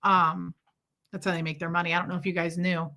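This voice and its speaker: This livestream host speaks in a lowish voice with little pitch movement, a little fast and with a sharp tone. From home, she greets viewers and rambles through a chatty story, breaking off for asides to viewers and pets.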